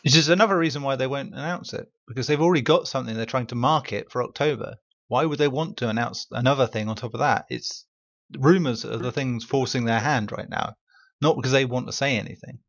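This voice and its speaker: A man's voice: mid-range voice, fast, a bit bright, lo-fi sound. A man co-hosting a gaming podcast, giving blunt, opinionated takes in casual chat. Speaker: podcast co-host.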